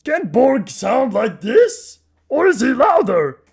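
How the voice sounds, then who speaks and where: A man voicing a hulking, simple-minded male brute who speaks in broken, slow phrases with a Russian-tinged put-on accent. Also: very high-pitched, very animated, pitched above the performer's own voice, full character voice. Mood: testing. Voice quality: gravelly, raspy, broken speech. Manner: slow, loud, shouting. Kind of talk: dramatic story reading.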